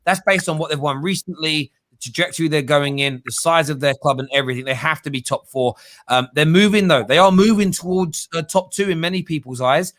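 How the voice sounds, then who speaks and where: A man hosts a live football debate, talking fast and thinking out loud. His voice sits fairly high and sounds dry and close to the mic. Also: dry recording. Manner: quick, thinks aloud, changes his mind. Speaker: show host.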